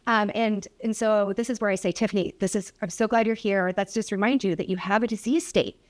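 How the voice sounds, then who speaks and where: A woman's voice: mid-range voice, fast talker. A woman physician who specializes in obesity, presenting at a public hearing and telling a patient story with acted-out dialogue. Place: hearing room.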